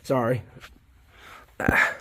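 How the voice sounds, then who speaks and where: A worm farmer vlogger from South Carolina, speaking with a Southern US accent, chats folksily and rambles to viewers while tending his worm bins in a garden shed. His voice is very slow, pushed and bright.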